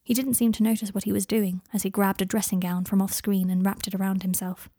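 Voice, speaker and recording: A woman reading fan fiction aloud in a soft, intimate narration. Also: mid-range voice, level tone, quick pace, no echo, studio quality. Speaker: reader.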